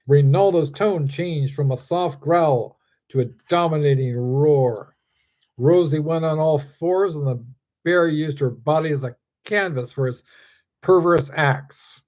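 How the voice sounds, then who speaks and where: A man who is the author reads his own story aloud in a steady, deliberate voice. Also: fairly high pitch.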